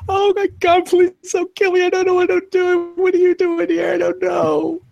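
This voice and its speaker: A man's voice: completely flat delivery, normal speed, gravelly, a little mellow, dull audio, full character voice. A man voicing a tiny frightened male humanoid who babbles and pleads in a panic. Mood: panicked pleading. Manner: panicky, high-pitched babbling.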